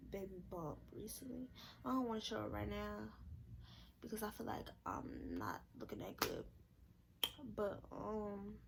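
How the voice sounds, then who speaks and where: A woman's voice: a little high, vocal fry, slight background noise, rough recording. A young woman telling a casual storytime vlog, candid and rambling with slang and swearing, sounding out of breath. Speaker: vlogger.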